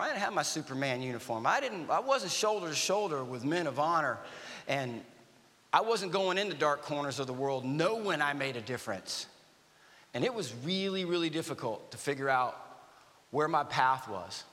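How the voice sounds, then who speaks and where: A man in his fifties, an army veteran giving a guest talk at a church, telling stories and acting out dialogue. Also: sits high. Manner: animated storytelling with acted-out dialogue. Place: church auditorium. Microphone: stage microphone. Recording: reverberant church hall.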